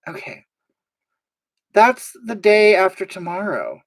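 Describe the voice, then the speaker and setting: A woman's voice: mid-range voice, very animated, takes it slowly. A woman hosting a live stream, reading out viewer comments in a sassy, drawling, mock-sincere way.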